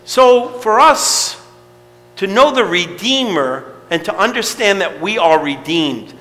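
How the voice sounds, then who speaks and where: A man's voice: high voice, expressive, slow, fairly bright tone, in a large hall, low-quality recording. A middle-aged man preaching a sermon to his congregation in a conversational way, asking rhetorical questions. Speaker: pastor.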